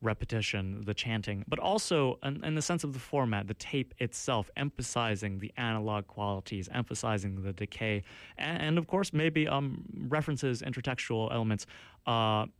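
A man's voice: mid-range voice, moderate pace, no room sound. A man hosting a campus radio show from the studio, rambling through track notes with many fillers and restarts, and poking fun at himself. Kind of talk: casual radio show chat. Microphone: studio mic.

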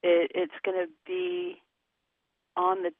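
A woman's voice: extremely high pitch, big pitch swings, slow, gravelly, no echo. A woman relationship coach speaking frankly and emphatically in an interview over the phone. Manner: frank and emphatic, talks candidly about sex. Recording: tinny phone line, dry.

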